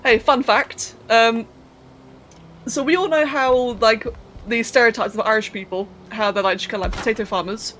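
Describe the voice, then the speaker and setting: A woman's voice: on the high side, fairly even intonation, normal speed, a bit bright, slight background noise, low-quality recording. A young woman live-streaming a game, thinking aloud as she builds, counting under her breath and chatting to viewers with casual swearing. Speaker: livestreamer.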